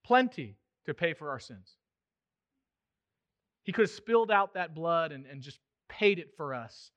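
A man preaching a sermon in church as pastor, moving between emphatic, raised passages and quiet, intimate ones. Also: a little high, expressive, measured pace, lo-fi sound. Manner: swings from loud emphatic preaching to hushed, intimate delivery.

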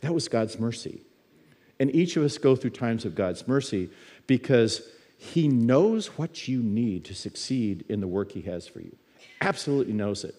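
A man's voice: mid-range voice, very animated, moderate pace, warm tone. Man teaching a sermon, stammering restarts. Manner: storytelling, frequent stammered restarts and repeated words. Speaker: guest teacher in a church service.

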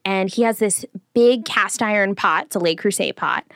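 Lively storytelling woman host. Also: medium pitch, normal speed, vocal fry, dry recording. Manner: lively storyteller, does voices for quoted people. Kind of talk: casual storytelling chat.

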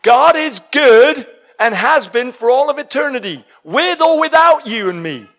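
A man preaching a sermon, emphatic and breaking into shouts at the high points. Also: expressive, unhurried.

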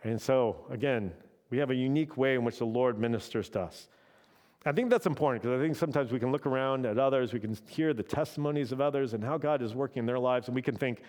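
A pastor with a medium-pitched voice preaches quickly in a conversational style, often checking in with his listeners by adding "right?".

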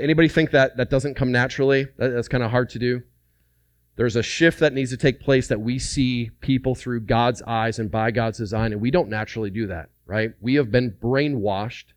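A man preaching a lively, joking sermon to men at a church service, calling out to the audience for responses. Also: medium pitch, no echo. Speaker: pastor.

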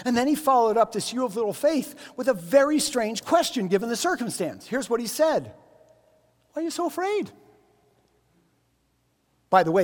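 A man preaching a sermon, telling stories in a lively way with jokey asides. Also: high-pitched, long reverb tail. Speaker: pastor.

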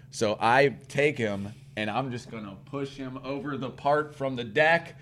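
A man telling a long story in casual podcast chat, swearing often and rambling with animated quoted voices. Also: mid-range voice, moderate pace, hardly any pauses, a little hiss or hum.

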